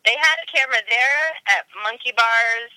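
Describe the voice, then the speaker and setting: A woman chatting as a podcast guest about racing, animated and quick to laugh. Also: fairly high pitch, no room sound, low-quality recording. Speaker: guest, obstacle racer. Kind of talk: casual chat.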